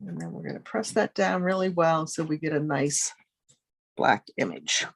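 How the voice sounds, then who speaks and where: A middle-aged woman chats through a casual craft tutorial in her home studio, thinking aloud and making friendly asides as she works. Her low voice is expressive and gravelly at a normal pace, over a noisy background.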